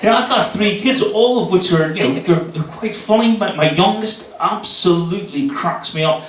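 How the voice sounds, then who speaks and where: A man's voice: high-pitched, moderate pace. A Northern Irish man in his thirties performing a stand-up comedy set, swearing and telling stories with energy. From Northern Ireland. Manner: swearing, animated storytelling. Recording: echoey room, mic at a distance.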